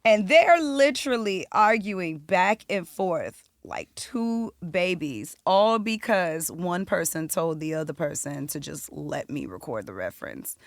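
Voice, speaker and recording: A young woman from South Florida, a singer-songwriter telling a story as a podcast guest, animated and profane. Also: lowish voice, measured pace, few pauses, dry recording. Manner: animated, profane, acts out quotes. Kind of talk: casual storytelling interview.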